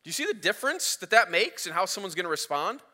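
Bright-voiced male pastor in a hall. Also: high-pitched, fast talker. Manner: animated storytelling with rising volume. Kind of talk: sermon. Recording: reverberant hall.

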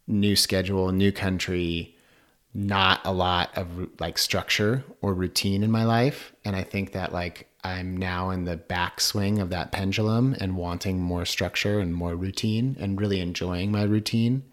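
A man in his thirties co-hosting a podcast, talking in a relaxed, reflective way and often agreeing. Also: sits low, measured pace. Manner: easygoing, reflective, affirming. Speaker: podcast co-host. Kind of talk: casual podcast chat.

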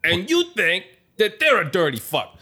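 A man's voice: high-pitched, huge pitch swings, normal speed, bright, forceful tone, voice pushed up, heavily acted. A man putting on a mock Italian gangster. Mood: conspiratorial. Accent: mock Italian-American gangster. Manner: drawling, slangy, ungrammatical, rambling. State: tipsy. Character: streetwise Italian-American tough guy in the cockroach trade.

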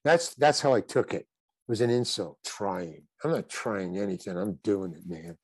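In a casual interview, this older guest actor spins meandering anecdotes in a husky, lower-pitched voice, recorded with no room sound. He keeps halting mid-sentence and starting over.

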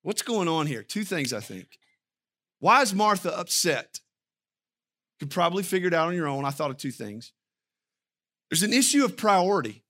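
Bright-voiced male pastor preaching. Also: high voice, sing-song, normal speed, long pauses. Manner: conversational, asks the congregation questions. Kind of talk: sermon.

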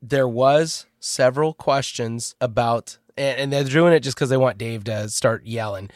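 A man co-hosting a casual tech podcast, animated and often trailing off mid-thought. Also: medium pitch, a little slow, dry recording, studio quality. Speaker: podcast co-host. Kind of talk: casual chat.

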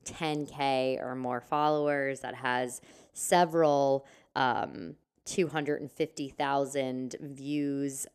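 Woman podcast host, low and smooth voice, chatty solo talk, rambling asides. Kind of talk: casual solo podcast chat.

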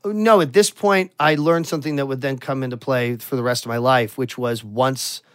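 A man telling a crude story in casual podcast chat, animated and breaking into loud laughing outbursts. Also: medium pitch, moderate pace, clean tone, dry recording.

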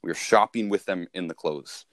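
A man's voice: low-pitched, normal speed, fairly bright tone, no echo, clean studio sound. A man talking casually as a sales coach, repeating and restarting himself as he explains.

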